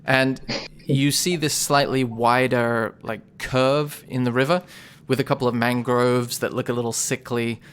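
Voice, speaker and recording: Brief: a relaxed male game master, middle pitch, narrating a tabletop session. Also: measured pace, clean tone. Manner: relaxed, rambling, self-correcting.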